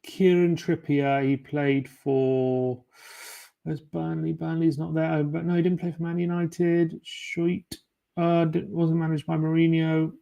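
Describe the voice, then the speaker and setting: A man's voice: fairly high pitch, little pitch movement, measured pace, creaky, warm tone, lo-fi sound. A man hosting a fan livestream, chatting casually and muttering his guesses to himself as he plays a quiz. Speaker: fan channel host. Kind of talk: casual livestream chat while playing a quiz.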